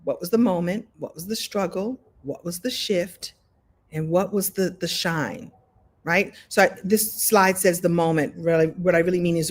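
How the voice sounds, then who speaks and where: A woman teaching a live online storytelling workshop, talking in an animated, conversational way with many repetitions. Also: on the low side, moderate pace. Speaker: story coach. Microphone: video call.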